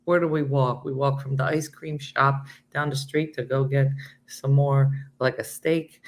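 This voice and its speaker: A woman's voice: a bass voice, measured pace. A middle-aged woman hosting a casual morning chat show, talking loosely and reading viewer comments aloud. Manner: chatty, animated, reads comments aloud. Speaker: host.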